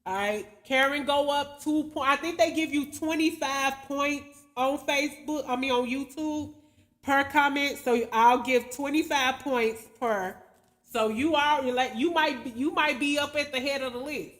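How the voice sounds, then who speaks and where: A woman with a high, bright-sitting voice hosts a casual livestream, talking to viewers at an easy, unhurried pace. Her speech is loose and slangy, she chuckles often, and she spells out viewer names letter by letter as she reads comments. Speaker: livestream host.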